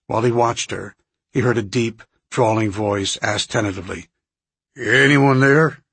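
A man reading an audiobook aloud in a measured, even narration. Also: lowish voice, breathy edge, no room sound.

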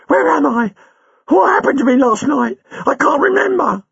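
A man's voice: lively intonation, moderate pace, creaky, fairly bright tone, no room sound, full character voice. A man voicing a frightened young woman who screams and gasps in terror, in a slightly muffled, dry recording. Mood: dazed. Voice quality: high, screaming and gasping. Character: frightened, half-dressed young woman, near hysterical.

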